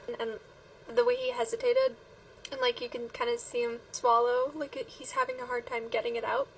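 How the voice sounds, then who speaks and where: A woman's voice: on the high side, animated, a little fast, vocal fry, slight background noise. A woman giving casual, gushing and emotional commentary as she reacts to a TV show. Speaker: reaction video creator. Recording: voice a bit distant from the mic.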